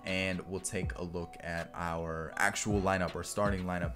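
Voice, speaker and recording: A young man with a somewhat low voice talks through a video game in a loose, chatty way, full of "like" and "um". Soft guitar music plays faintly underneath. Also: normal speed. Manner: relaxed and chatty, with fillers like "like" and "um". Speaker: gaming YouTuber. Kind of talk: casual video game commentary.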